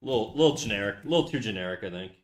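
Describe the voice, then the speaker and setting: A man's voice: lowish voice, animated, racing. Laid-back, foul-mouthed young male streamer. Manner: laid-back, swears a lot, reads chat aloud. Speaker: live-stream artist. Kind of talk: casual live-stream chat while drawing. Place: his apartment, untreated room. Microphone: USB condenser desk mic.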